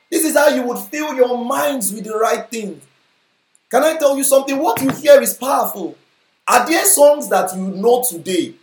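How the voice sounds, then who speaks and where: A preacher with a Nigerian accent giving a live sermon in a meeting hall, emphatic, repeating phrases and putting questions to the crowd. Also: medium pitch. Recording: roomy hall echo.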